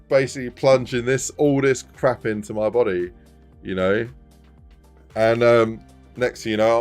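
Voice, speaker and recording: A man in his thirties, casually telling a rambling anecdote on a live stream, laughing often. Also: on the low side.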